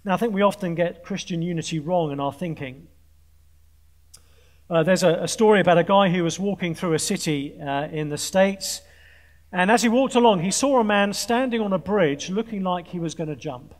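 Male preacher, high voice, earnest, pointed emphasis, dry humour, student audience. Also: normal speed. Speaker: conference speaker preaching. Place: large conference hall with an audience.

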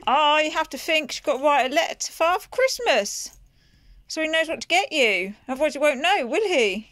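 Mother, gentle and playful, higher pitch, dry close sound. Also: very animated, normal speed, dry recording. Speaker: mother filming with her daughter. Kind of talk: casual bedtime chat with a small child.

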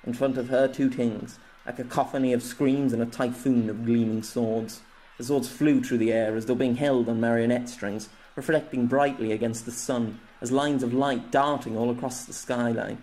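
A man's voice: medium pitch, steady tone, moderate pace, a little mellow. A man narrating his own fantasy novella as an audiobook, telling it dramatically. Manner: dramatic storytelling, voicing characters. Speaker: narrator and author.

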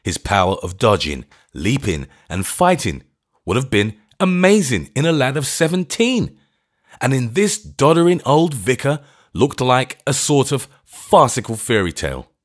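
A man narrating a classic thriller audiobook in a measured storytelling voice. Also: mid-range voice, big pitch swings. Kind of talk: scripted narration.

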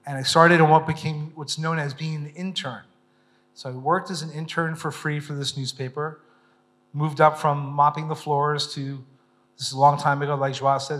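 A middle-aged man, a photojournalist giving a public talk, telling stories in a self-mocking, animated way and acting out the voices he quotes. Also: fairly high pitch. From United States.

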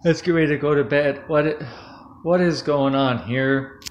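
A man's voice: a little high, moderate pace, muffled recording, a little hiss or hum. Playful man reading a bedtime story. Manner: playful, jokey, laughs often. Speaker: storyteller host.

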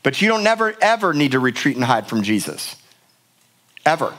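A man's voice: mid-range voice, sing-song, brisk, a bit bright. A middle-aged male pastor preaching a sermon in a church, emphatic and passionate, often repeating words for force. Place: church sanctuary.

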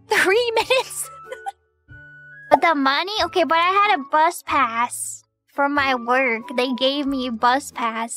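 Very high, bright giggly woman. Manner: giggly, laughs often while talking; animated, jumps higher when excited. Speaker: streamer. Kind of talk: casual storytelling chat.

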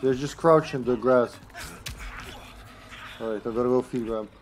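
A man's voice: mid-range voice, normal speed. A man streaming a horror game with friends, trading dry, teasing remarks over voice chat. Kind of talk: casual gaming banter over voice chat.

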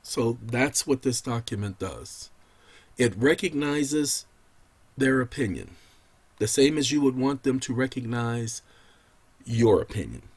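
A man hosting his own channel, giving an impassioned, preacher-like lecture to his audience. He talks emphatically, keeps addressing "ladies and gentlemen," and swings between hushed and loud delivery. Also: mid-range voice, expressive, unhurried, long pauses, breathy edge. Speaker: channel host giving legal advice.

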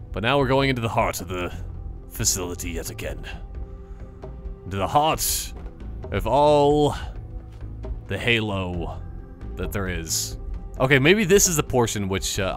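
A man's voice: fairly low pitch, sing-song, measured pace, long pauses, faint music behind. A man giving casual, joking commentary over a video game, rambling and exclaiming often. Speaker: gaming channel host.

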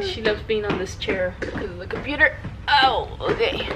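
A woman's voice: fairly high pitch, sing-song, a little slow. A woman and mother chatting casually to the camera in a home vlog, coaxing her child to talk to the viewers. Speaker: mother and family vlogger. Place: at home, indoors. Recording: noisy home video recording.

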